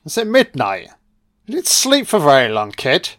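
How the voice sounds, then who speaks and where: This man talks at a moderate pace in a fairly high voice. His film commentary is comedic and foul-mouthed, delivered with dry, deadpan sarcasm.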